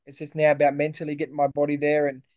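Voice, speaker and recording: Confident Australian boxer, lo-fi line. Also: male voice, a little high, fast. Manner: relaxed, matey, confident. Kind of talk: casual interview.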